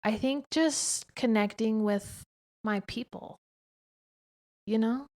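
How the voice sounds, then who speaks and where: Chatty, expressive young woman podcaster. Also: on the high side, slow pace. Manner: chatty and expressive, frequent filler "like". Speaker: podcast host, interviewed by her husband. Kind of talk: casual conversational chat.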